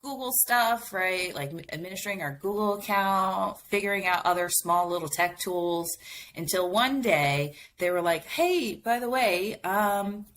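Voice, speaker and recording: A young adult woman telling her story as a guest in a casual interview, animated and full of "like" fillers. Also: on the low side, normal speed, a little hiss or hum, poor audio.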